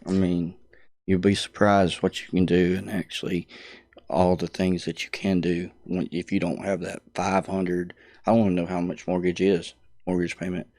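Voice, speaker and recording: A man's voice: sits low, little pitch movement, moderate pace, darkish tone, no room sound, clean studio sound. A man with a Southern accent, a guest talking in a plain-spoken, down-to-earth way in a casual interview.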